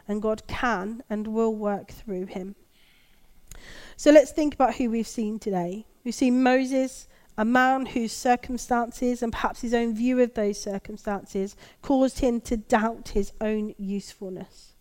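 A woman preaching a sermon, reflective and gently emphatic, reading scripture aloud. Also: fairly high pitch.

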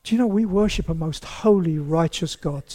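A male preacher with a notably high voice delivers a lively sermon in a church. He speaks straight to the congregation and acts out small scenes as he goes. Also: normal speed. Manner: animated, acts out quotes, addresses the congregation directly.

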